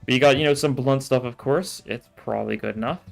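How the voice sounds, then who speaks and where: A man's voice: mid-range voice, quick pace, gravelly, faint music behind. A man streaming a game, giving casual, rambling commentary full of filler words. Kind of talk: casual let's-play commentary.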